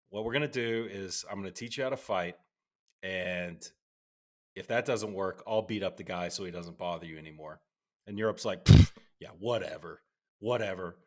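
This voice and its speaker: A middle-aged man co-hosting a podcast, ranting in an animated way and slipping into mock voices. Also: fairly low pitch. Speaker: podcast co-host. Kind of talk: casual podcast chat.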